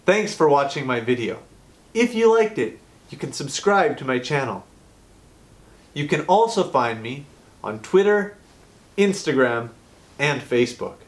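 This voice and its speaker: A man teaching English to learners in a scripted lesson, explaining grammar clearly and deliberately. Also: medium pitch, very animated.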